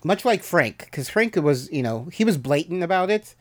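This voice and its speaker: A man hosting a podcast, chatting casually about an episode he just watched. His voice sits a little high. He rambles and leans on fillers. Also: expressive, normal speed. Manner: rambling, many "you know" fillers. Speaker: podcast host reviewing a TV episode. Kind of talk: casual chat.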